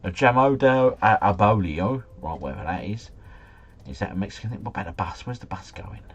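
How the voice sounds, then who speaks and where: A man streaming a guessing game live, thinking aloud and chatting to viewers, his volume rising and falling with excitement. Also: lowish voice, brisk, breathy edge, highs cut off. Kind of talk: casual live commentary.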